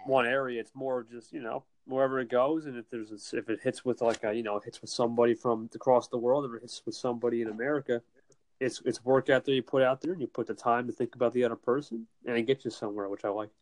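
A man's voice: medium pitch, fairly even intonation, quick pace, a little mellow, dry recording. Rambling casual man from New Jersey. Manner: rambling, with many restarts and fillers. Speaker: internet radio station host. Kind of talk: casual chat. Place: home, winter in New Jersey.

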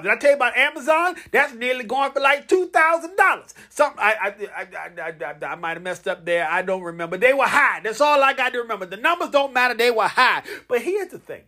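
A man hosting a solo podcast, his voice leaping up and down in a lively, sing-song way. He talks straight to his listeners like a playful pitchman, mixing casual asides with excited pushes. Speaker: podcast host.

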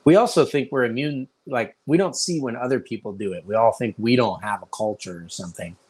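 An American man hosting a casual podcast conversation. He tells stories in a loose, chatty way, and he switches into quick put-on voices for the people he quotes. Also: medium pitch, a little mellow, slightly rough. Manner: storytelling, acts out quoted voices. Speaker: podcast host.

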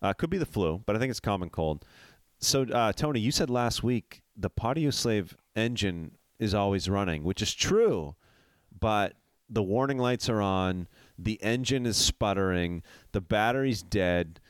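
A man with a very deep, smooth voice, though stuffy and nasal from a cold, chats casually on a podcast. He talks with candid enthusiasm, recorded dry and close to the mic. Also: animated, a little slow, dry recording. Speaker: podcast co-host. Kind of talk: casual chat.

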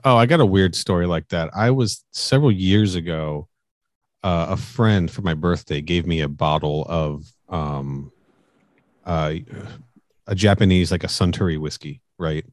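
A man's voice: low-pitched, measured pace, dry recording, clean studio sound. A man co-hosting a podcast in casual chat, telling stories in a laid-back way that trails off with "you know?". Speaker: podcast co-host.

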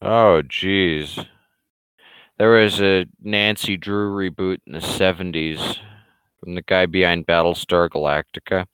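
Sarcastic man with a scratchy throat, hosting a livestream; low, smooth voice, rambling and swearing. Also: fairly even intonation, a little slow, a bit bright, no echo. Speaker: cartoonist hosting a weekly live show. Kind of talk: casual livestream commentary.

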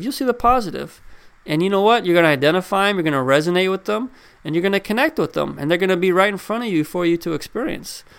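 A man's voice: sits high, a bit bright, clean tone. A man giving a casual motivational talk, speaking straight to his listeners with questions and driving his points home by repeating them. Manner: conversational, drives points home with repetition; addresses listeners directly with questions. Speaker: self-help speaker.

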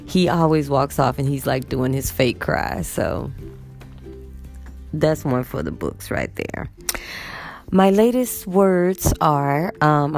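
Woman, teacher vlogger, low gravelly voice, animated chat. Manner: chatty, animated storytelling with acted quotes of students. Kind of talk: casual vlog chat.

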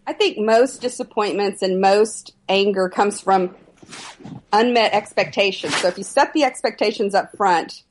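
Measured woman giving etiquette advice. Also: medium pitch, slight background noise. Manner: measured, advising, steady. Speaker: etiquette expert guest. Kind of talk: podcast interview answers.

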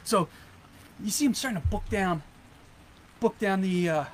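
A man co-hosting a podcast, telling stories in a rambling, animated way. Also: high-pitched, moderate pace, slight background noise. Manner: animated storyteller, rambling asides. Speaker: podcast co-host. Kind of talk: casual chat, storytelling.

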